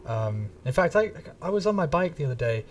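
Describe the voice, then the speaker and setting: A man's voice: on the high side, big pitch swings, fairly quick, recorded from a distance, slight background noise. A man from England with a neutral English accent, chatting casually and rambling while streaming a game, swearing now and then. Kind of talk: casual gaming stream chat.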